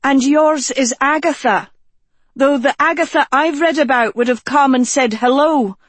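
A woman plays a self-assured teenage girl with a cool, pointed delivery. Slow and dry, close to the mic. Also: sits high, no echo, pitched above the performer's own voice.

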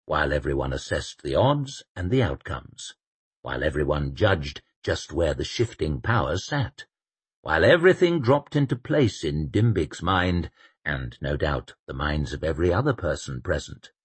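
A man reading fiction aloud as an audiobook narrator, measured and expressive. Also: rumbling low, husky, dry recording. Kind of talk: scripted narration.

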